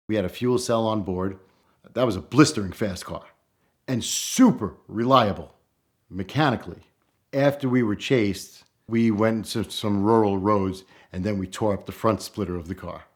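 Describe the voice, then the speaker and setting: Man from New York telling a story. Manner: animated, acts out quoted voices with rising pitch. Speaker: storyteller guest. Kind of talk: casual storytelling.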